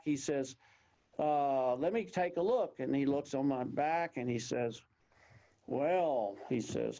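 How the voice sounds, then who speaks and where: A man's voice: a little high, mellow, muffled recording. A man in his sixties from Texas with a Texan accent, a guest telling a rambling, folksy personal story and acting out what others said. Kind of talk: storytelling in an interview.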